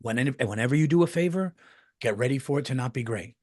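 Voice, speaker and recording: Casting: middle-aged male comedian, casual podcast monologue, animated, swears freely, voice of medium pitch. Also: fast. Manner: animated storytelling, jumps into loud acted-out quotes, swears freely.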